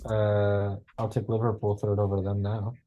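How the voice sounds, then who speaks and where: A man on a football chat panel who gives his opinions hesitantly, full of pauses and restarts. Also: lowish voice, completely flat delivery, narrow, tinny audio, soft background music. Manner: hesitant, many fillers and restarts.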